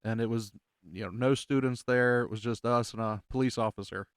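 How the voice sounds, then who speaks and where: A man hosting a podcast interview outdoors at his home, easygoing and quick to laugh along. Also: mid-range voice, fairly even intonation, smooth, no room sound, clean studio sound. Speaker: podcast host. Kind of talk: casual interview chat. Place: outdoors outside his house.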